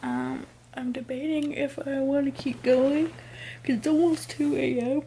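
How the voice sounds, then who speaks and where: A young woman chatting casually to camera about her reading, tired and sleepy late at night, often dropping to a hushed near-whisper so her family won't hear. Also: high voice, fairly even intonation, measured pace, creaky, a little hiss or hum. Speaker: book vlogger. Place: home at night with family nearby.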